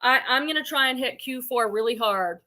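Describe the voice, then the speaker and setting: A woman's voice: high-pitched, a little fast, pushed and bright. A woman hosting a casual reselling livestream from her living room, chatty and rambling, greeting viewers by name. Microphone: computer webcam on livestream.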